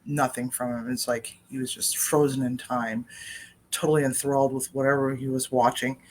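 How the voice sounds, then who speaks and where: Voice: medium pitch, steady tone, normal speed, fairly bright tone. A chef and cooking vlogger giving a casual personal update from a home kitchen, telling a story with tangents into a laptop webcam.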